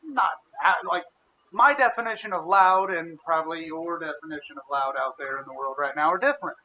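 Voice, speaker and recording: A man's voice: a little high, brisk, muffled recording. A man from Ohio co-hosting a casual podcast, telling crude family stories and acting out the other people in them. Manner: crude, animated storyteller who acts out quotes. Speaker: podcast co-host. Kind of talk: casual storytelling chat.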